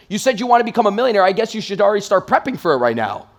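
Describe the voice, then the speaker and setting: A man giving an energetic, blunt motivational talk as a sales trainer, telling stories and swearing freely. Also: sits high, very fast, few pauses. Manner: energetic, blunt storytelling with profanity.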